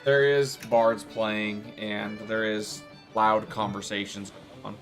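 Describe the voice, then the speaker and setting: A man narrating a tabletop role-playing game as game master, relaxed and hesitant. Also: lowish voice, slow, music in the background.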